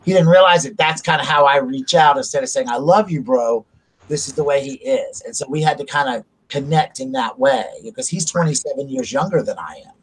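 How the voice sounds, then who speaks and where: A man's voice: mid-range voice, fairly quick, husky. A middle-aged man from South Carolina hosting a casual chat, talking openly and rambling about family and feelings. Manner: open, rambling, confessional. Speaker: host.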